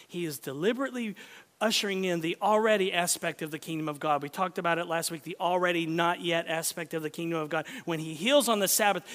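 A male pastor preaching a sermon, self-deprecating and conversational, dropping to hushed whispers for emphasis. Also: a little high. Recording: long hall reverb.

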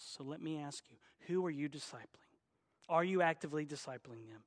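A man delivering a sermon from the pulpit, his voice sitting a little high for a man. He swings from loud, urgent exhortation to quieter, earnest appeals. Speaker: pastor.

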